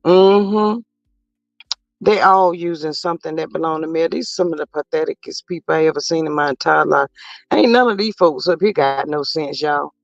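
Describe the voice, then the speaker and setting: Brief High-pitched man with a gravelly edge, sassy live-stream gossip host, dry close sound, dull lo-fi audio with faint music. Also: moderate pace, no echo. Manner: gossipy, drawling, sassy asides to viewers. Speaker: commentary channel host reading live chat. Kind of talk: casual live-stream commentary.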